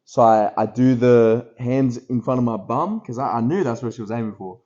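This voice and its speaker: A man's voice: medium pitch, moderate pace, warm tone, a little hiss or hum. A young Australian man co-hosting a podcast, brash and casual, swearing and calling his friend bro. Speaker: podcast co-host. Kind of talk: casual chat. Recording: dull lo-fi podcast audio.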